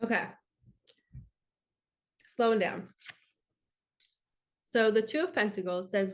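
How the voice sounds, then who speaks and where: A woman's voice: medium pitch, animated, takes it slowly, pauses often. A young adult woman giving a casual tarot reading, talking passionately and rambling with lots of "like". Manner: passionate, rambling, says "like" often. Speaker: tarot reader and spiritual coach.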